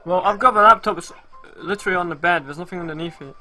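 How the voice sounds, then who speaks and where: A man's voice: high-pitched, fast talker, music in the background. A man co-hosting a game stream, chatting casually, teasing and playing dumb for laughs. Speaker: co-host.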